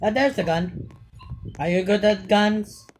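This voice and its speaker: A woman chatting casually while playing an online game, excitedly calling out to her teammates. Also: mid-range voice, measured pace. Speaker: gamer. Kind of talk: casual gameplay chat. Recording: noisy home mic with clicks.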